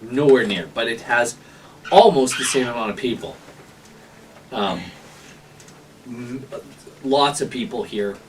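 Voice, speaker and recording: A man narrating as game master in a tabletop game, in a relaxed, chatty way. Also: medium pitch, slow, long pauses, recorded from a distance, a little hiss or hum.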